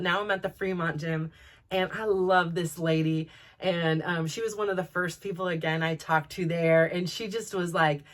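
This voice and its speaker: A woman hosting a personal vlog, telling stories in a chatty, animated way with lots of "like" and laughter. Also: medium pitch. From Russian heritage. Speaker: vlog host. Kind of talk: casual personal storytelling.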